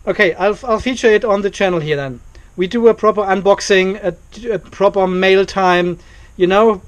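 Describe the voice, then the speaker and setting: A man vlogging from his home carport, ranting at the camera in an exasperated way. He keeps circling back to the same complaints, and his voice sits high for a man. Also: moderate pace. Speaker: car vlogger. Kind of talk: casual vlog to camera.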